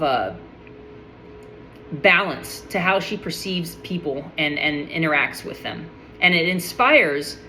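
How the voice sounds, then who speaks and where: A woman's voice: fairly low pitch, sharp tone, slight background noise, rough recording. A woman speaking in a casual, enthusiastic monologue, full of admiration and often restarting her sentences.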